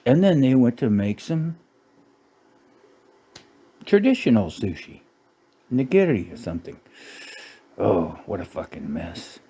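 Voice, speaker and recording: A man's voice: on the low side, very animated, measured pace, pauses often, warm tone, husky. A middle-aged man ranting sarcastically about a menu, cursing and laughing at his own jokes. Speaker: channel host. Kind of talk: casual ranting commentary.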